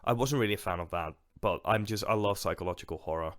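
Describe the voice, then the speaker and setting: A man's voice: on the low side, fast talker, fairly bright tone, no room sound, clean studio sound. A man co-hosting a podcast in a casual film discussion. He speaks hesitantly, with many fillers and restarts. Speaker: podcast co-host.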